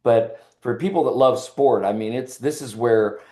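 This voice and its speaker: An older man, a podcast guest, telling personal stories in a relaxed interview and acting out the lines of others. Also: mid-range voice, moderate pace. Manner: animated storyteller who acts out quoted dialogue. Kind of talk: casual interview storytelling.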